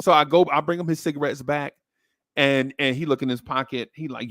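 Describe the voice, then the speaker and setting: Animated storytelling man, dry studio sound. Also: fairly quick, no echo. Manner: animated, jumps into high voices for quoted characters. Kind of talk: casual storytelling.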